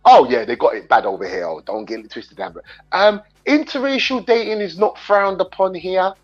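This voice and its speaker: A British man hosting a casual chat, talking in an animated, slangy way with some swearing. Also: high-pitched, normal speed, muffled recording, soft background music. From England. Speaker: host.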